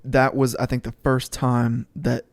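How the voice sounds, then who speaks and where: Earnest gravelly-voiced young man on a podcast. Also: mid-range voice, flat delivery, a little slow, no room sound. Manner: earnest storyteller, repeats words as he thinks. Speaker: podcast co-host. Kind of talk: casual faith podcast chat.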